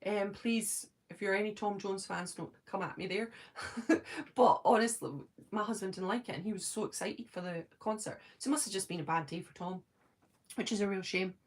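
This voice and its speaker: A woman in her forties with a Scottish accent, casually chatting on a live stream and answering viewers' comments, talking fast when excited and filling pauses with ums. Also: mid-range voice. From Scotland. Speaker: live-stream host reading chat.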